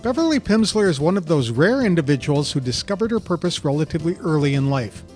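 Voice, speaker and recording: Man hosting a podcast, higher voice. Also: sing-song, darkish tone, faint music behind. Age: older. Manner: measured, reads a prepared introduction. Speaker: podcast host. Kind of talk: scripted podcast intro and interview.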